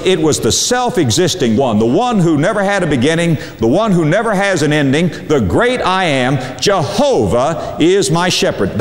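A middle-aged man, a pastor, preaching a sermon with emphatic, preacherly delivery and dramatic slowdowns on key words. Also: on the high side. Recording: long hall reverb.

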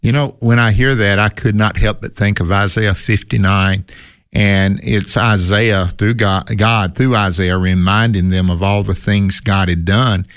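A man's voice: on the low side, steady tone, measured pace, smooth, dry recording, clean studio sound. A man in a conversational Bible discussion, reflecting on scripture and asking and answering his own questions. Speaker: co-host.

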